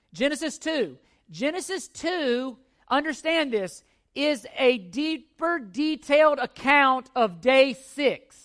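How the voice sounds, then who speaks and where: This pastor has a very high-pitched, fairly bright voice as he delivers a teaching sermon. Earnest and emphatic, he repeats his key points and poses rhetorical questions to his listeners.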